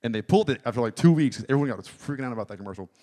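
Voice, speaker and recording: A man performing a stand-up comedy set at an open mic, rambling with deadpan asides. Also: medium pitch, rapid-fire. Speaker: stand-up comic. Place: small comedy venue.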